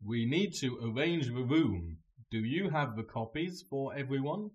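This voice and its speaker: A man's voice: medium pitch, big pitch swings, a little slow, darkish tone, dull audio. A man voicing an impatient colleague in a scripted textbook dialogue, urging someone to hurry. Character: adult man named Wentworth, a hurrying colleague.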